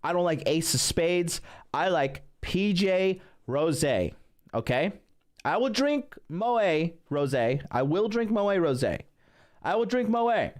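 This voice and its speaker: A man with a somewhat high voice hosts his own livestream as a dating coach. He rants in a loose, profane, boastful monologue, often restarting his sentences. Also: very animated, slow.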